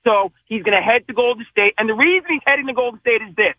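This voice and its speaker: A man giving forceful sports opinions in a commentary segment. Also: very high voice, quick pace, dry recording, narrow, tinny audio.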